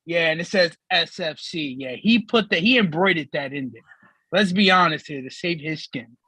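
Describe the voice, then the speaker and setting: A man co-hosting a sports talk show, teasing his partner with animated trash talk. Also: a little high, moderate pace, husky, no room sound, poor audio. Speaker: co-host.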